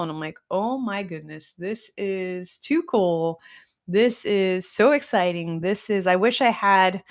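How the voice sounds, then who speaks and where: Woman host, casual live-stream chat, bubbly, excitable, chatty storyteller. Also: fairly low pitch. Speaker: host teaching nutrition testing.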